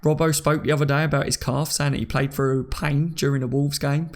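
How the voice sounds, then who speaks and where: A man's voice: fairly high pitch, level tone, a little fast. A young man hosting a casual live stream, reading viewer comments aloud and laughing often.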